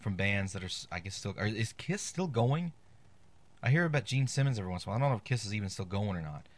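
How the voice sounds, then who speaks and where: A man's voice: on the low side, lively intonation, quick pace. Sarcastic rambling male comic host. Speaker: podcast host. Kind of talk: comic monologue.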